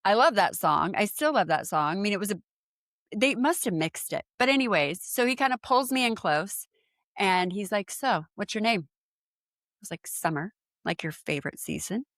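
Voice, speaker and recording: A San Diego woman in her forties, a podcast guest, shares a personal story in relaxed conversation. Her mid-range voice is close and dry with no room sound, at a normal speed. She speaks loosely with plenty of fillers and animates quotes through big, sudden pitch jumps.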